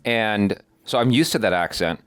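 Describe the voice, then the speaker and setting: A man co-hosting a reaction channel, chatting casually in an animated way with many halting restarts. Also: fairly low pitch, clean tone, no echo. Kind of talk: casual chat.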